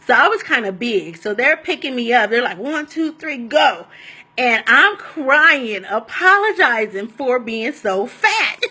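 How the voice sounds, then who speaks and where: A woman telling a personal story in a casual, animated and rambling way, often laughing as she goes. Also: a little high.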